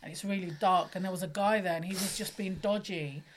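Animated woman telling a story. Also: lowish voice, fairly quick, a little hiss or hum. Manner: animated storyteller, swears, lots of laughing. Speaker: comedian. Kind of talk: casual chat.

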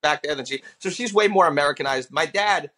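Brief: male comic in his 30s, bright tone, lively storyteller who drops into voices. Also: on the high side, fairly quick. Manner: animated storyteller who slips into character voices for quotes. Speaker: stand-up comedian guest. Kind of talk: casual interview storytelling.

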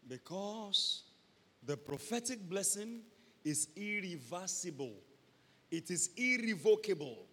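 A man with a Nigerian accent preaching a sermon, acting out scenes and breaking into loud shouts. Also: sits high, big pitch swings, slow, slightly rough. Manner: dramatic, acts out scenes, switches to loud shouts. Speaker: pastor. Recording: echoey hall with long reverb.

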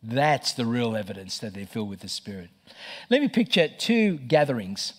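A middle-aged man preaching a sermon as pastor, telling stories with lively stammered restarts. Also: mid-range voice, normal speed. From Australia. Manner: animated storytelling with stammered restarts.

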